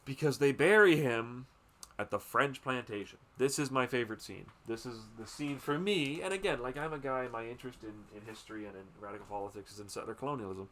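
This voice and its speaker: A man hosting a podcast, chatting casually about a film in a rambling way, with plenty of fillers, swearing and quick asides. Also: medium pitch, slight background noise. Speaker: podcast host.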